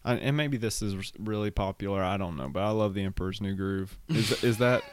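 A man's voice: on the low side, no room sound. A young man hosting a podcast in casual chat, playful and teasing. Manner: playful, teasing, quick to laugh. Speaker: podcast host.

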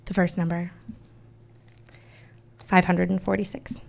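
A woman telling a first-person personal story in a wry, self-mocking way, swinging from loud to hushed. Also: lowish voice, flat delivery, measured pace, creaky.

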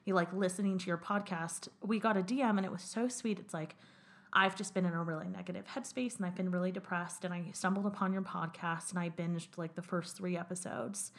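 A woman's voice: fairly low pitch, steady tone, fairly quick. A young woman co-hosting a podcast, chatting candidly and swearing as she retells conversations. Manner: candid, swearing, quotes others in run-on retellings. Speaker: podcast co-host. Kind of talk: casual podcast chat.

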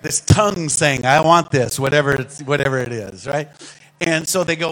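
A man with a fairly high voice preaches from a church pulpit, telling his story in an animated, conversational way. He drops to quiet asides and then bursts out loudly, laughing along with the congregation. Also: normal speed, poor audio. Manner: animated, swings between hushed asides and loud exclamations. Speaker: guest preacher. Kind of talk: storytelling sermon. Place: church sanctuary.

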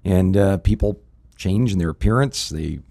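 A man co-hosting a Bible question show, explaining scripture in a relaxed, rambling way full of fillers. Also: deep voice, normal speed, vocal fry, no echo. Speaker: co-host answering Bible questions. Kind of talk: casual radio Bible Q&A.

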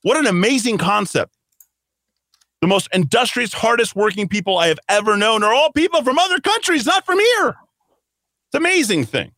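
A man's voice: high voice, sing-song, moderate pace, pushed and bright, dry recording. A man hosting a talk radio show, ranting bluntly and combatively in a monologue from a radio studio. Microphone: studio microphone.

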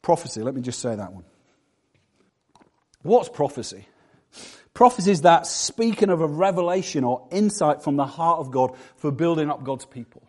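A man's voice: a little high, animated, moderate pace, darkish tone. A middle-aged man preaching a sermon as pastor, conversational and self-deprecating.

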